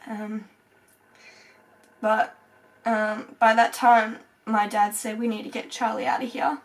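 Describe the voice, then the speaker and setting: A young woman from Australia tells a personal story to camera, halting and tearful, with many fillers and pauses. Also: fairly high pitch, level tone, distant mic, low-quality recording. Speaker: vlogger.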